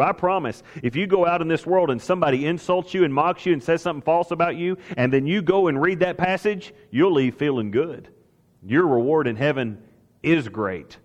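A man's voice: fairly high pitch, brisk, long reverb tail, highs cut off. A man preaching a sermon as pastor, talking with emphasis and asking his listeners rhetorical questions.

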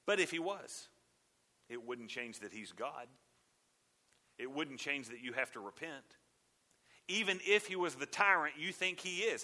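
A male pastor preaching a sermon, dropping to hushed asides and rising to loud, insistent emphasis. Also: a little high, animated, a little slow, pauses often.

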